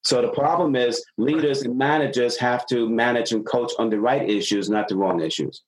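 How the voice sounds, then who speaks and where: A middle-aged man, a sales consultant being interviewed on a podcast, explaining ideas and acting out stories with lively dialogue. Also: mid-range voice, normal speed, low-quality recording. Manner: animated storyteller, acts out dialogue.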